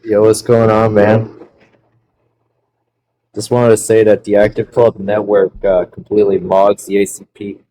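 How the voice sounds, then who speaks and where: A man's voice: lowish voice, flat delivery, a little slow, pauses often, warm tone, poor audio. A man calling in to a stream, giving short, blunt replies. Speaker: caller. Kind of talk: call-in debate.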